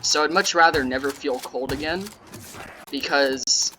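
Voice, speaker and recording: A young man giving casual gameplay commentary as a YouTuber, monotone and sarcastic-sounding, rambling with lots of fillers. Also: on the high side, a little slow, slight background noise. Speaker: gaming YouTuber.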